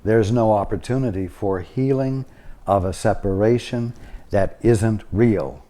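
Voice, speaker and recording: Man for a spiritual study-group talk: low, dark voice, deliberate and unhurried delivery with long pauses.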